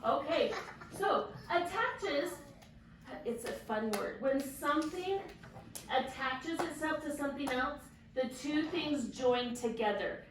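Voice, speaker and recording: A woman teaching kindergarten children, speaking in a drawn-out, sing-song way and giving bright praise. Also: high voice. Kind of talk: classroom teaching to young children. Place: classroom with children. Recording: very echoey classroom, mic far off, faint hiss.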